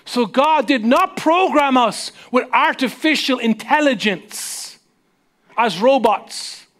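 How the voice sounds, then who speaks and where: Male Irish preacher, very high register, chatty sermon delivery with hushed emphasis. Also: animated. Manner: conversational, asks the audience questions; slows down and drops to a hush for emphasis. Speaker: pastor.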